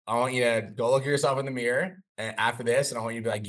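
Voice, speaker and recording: A man's voice: medium pitch, rapid-fire. A man hosting a casual podcast as a business coach, talking bluntly, swearing often and acting out his stories. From Canada. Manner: blunt, swears constantly, animated storytelling.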